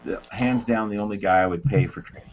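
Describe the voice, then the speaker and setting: A man's voice: lowish voice, fast talker. A man in a casual panel chat, hesitant and profane, full of "uh" and "man". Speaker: panel guest. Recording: muffled lo-fi audio with faint noise.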